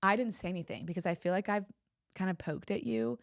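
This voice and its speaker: A woman's voice: medium pitch, quick pace, creaky. A woman co-hosting a casual podcast, teasing her friend and laughing often. She has a slight lisp. The sound is dry, with no room echo. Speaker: podcast co-host. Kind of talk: casual chat.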